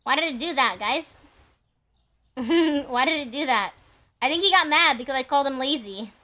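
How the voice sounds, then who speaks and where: A young woman streamer chatting casually to her viewers while gaming, playful and crude and quick to laugh. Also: sits high, expressive, bright, forceful tone.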